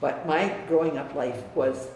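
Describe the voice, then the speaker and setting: An older woman from the US Midwest, reminiscing about her family in a frank, emphatic way that often drops quiet. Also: deep voice, a little slow. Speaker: interviewee. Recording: echoey room, distant mic, faint hiss.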